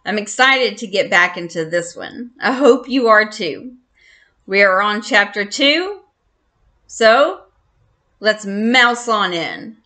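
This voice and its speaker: A woman's voice: medium pitch, expressive, slow, pushed and bright. A woman reading a children's book aloud, friendly and welcoming. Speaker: children's story reader.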